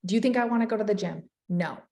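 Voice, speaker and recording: A woman leading a sales team, giving an energetic motivational talk and calling her listeners "you guys". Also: mid-range voice, fast, reverberant. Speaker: network marketing team leader.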